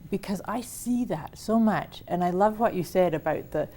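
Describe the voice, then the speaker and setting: Mellow-voiced woman hosting a wellness chat. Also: medium pitch, normal speed. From Canada. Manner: enthusiastic, frequent restarts. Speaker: host. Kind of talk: casual conversation on wellness.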